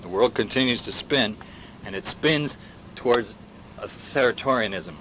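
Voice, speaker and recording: Game role: a middle-aged paranoid pundit, fiery rant, bright, wildly swooping pitch, hushed whispers to shouts. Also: male voice, animated, normal speed, slight background noise. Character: paranoid male pundit ranting against machines. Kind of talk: video game dialogue.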